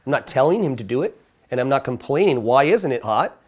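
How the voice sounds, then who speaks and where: A middle-aged man coaching a small group in casual talk, telling lively stories and acting out quoted lines in higher voices. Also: a little fast. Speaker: dating coach.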